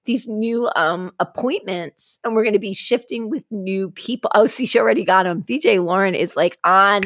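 A woman's voice: medium pitch, moderate pace, no echo. A woman co-hosting a casual livestream chat, telling stories with lots of laughter and acting out what people said. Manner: animated storytelling, frequent laughter, acts out quoted dialogue. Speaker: co-host.

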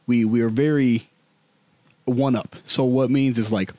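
A man's voice: mid-range voice, steady tone, normal speed, dark tone, no room sound. A man in his thirties, a podcast co-host, telling candid stories in casual chat full of slang. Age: 30s.

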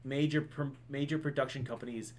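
A man co-hosting a movie podcast in casual chat, talking in an animated, rambling way with casual swearing. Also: medium pitch, a little fast, slight background noise. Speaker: podcast co-host.

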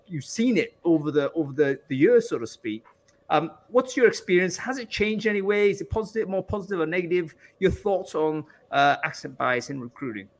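A man hosting a live podcast, chatty and animated, asking guests about their experiences. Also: fairly high pitch. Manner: chatty, lots of fillers and restarts, animated. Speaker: podcast host.

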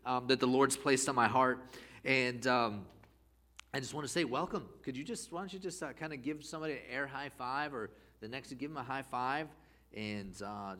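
A middle-aged man, a pastor, preaching a sermon at a church service and telling stories with lively, rising emphasis. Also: medium pitch. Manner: animated storytelling with rising emphasis.

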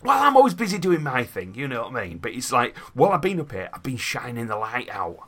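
A man's voice: medium pitch, huge pitch swings, fast talker, fairly bright tone. A man co-hosting a comic podcast, rambling and chatty as he reads out a news story with lots of restarts. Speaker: co-host reading out a news story. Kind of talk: joking comic banter.

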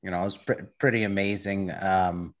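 A man's voice: sits low, fairly even intonation, normal speed. A man hosting a casual chat, encouraging and laughing along with his guest.

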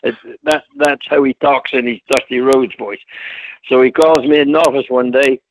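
A man's voice: medium pitch, fairly even intonation, normal speed, no echo, poor audio. A Scottish-born man, a former wrestler, telling stories in a plainspoken, folksy way as a guest on an interview show. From Scotland. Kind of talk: casual storytelling interview.

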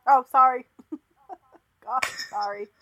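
A woman's voice: sits high, steady tone, slow, a bit bright, dull audio. A woman co-hosting a podcast in playful casual chat, often exclaiming and laughing. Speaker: podcast co-host.

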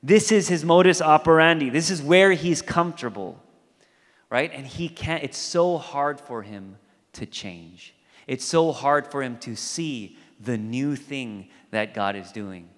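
A man's voice: a little high, a little slow. A male pastor delivering a sermon in a conversational, storytelling way. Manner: conversational storytelling, acts out quoted voices. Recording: long hall reverb.

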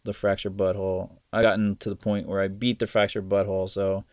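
A man's voice: low-pitched, flat delivery, fairly quick, no echo. A man hosting a casual podcast chat, telling stories animatedly, acting out quotes, laughing often and swearing. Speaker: podcast host.

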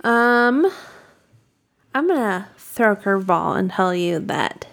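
A woman co-hosting a podcast, chatting casually with relaxed, dry remarks and short replies. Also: medium pitch, slow, creaky. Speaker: podcast co-host. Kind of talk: casual chat.

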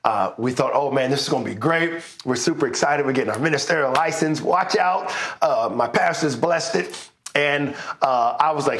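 A man's voice: mid-range voice, a bit bright. Man preaching a conversational sermon. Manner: conversational storytelling, rising to exuberant praise. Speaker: pastor. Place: church service streamed online.

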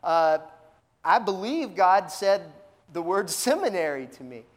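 Conversational preacher in a reverberant hall. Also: male voice, high voice, big pitch swings, unhurried. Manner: conversational, asks many questions, repeats words. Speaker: pastor. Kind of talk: sermon. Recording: long reverb of a large hall.

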